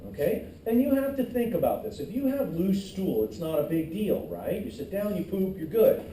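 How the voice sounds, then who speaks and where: A man's voice: high-pitched, sing-song, moderate pace, dark tone, slight background noise. A middle-aged male teacher giving a classroom lecture, quizzing the class and cracking jokes, recorded from far off in an echoey classroom. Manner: joking asides, quizzes the class.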